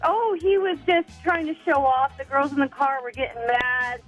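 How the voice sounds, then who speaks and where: A woman calling in to a radio show, telling stories in an animated, exclamatory way. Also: high voice, moderate pace, dull audio, faint music behind. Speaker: caller. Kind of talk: casual phone chat on radio.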